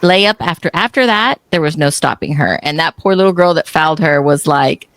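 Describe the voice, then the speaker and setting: A woman's voice: low-pitched, a little fast, dry recording. A middle-aged woman from Texas hosting a podcast, chatting casually and acting out quotes as she tells stories. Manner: animated storyteller acting out quotes. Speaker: podcast host. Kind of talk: casual interview conversation.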